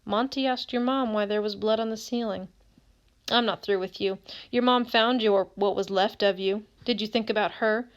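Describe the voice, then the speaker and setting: A woman's voice: mid-range voice, steady tone, moderate pace, lightly acted. A woman reading as a haunted teen who questions a dead friend in a relentless way, in an audiobook. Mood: grim.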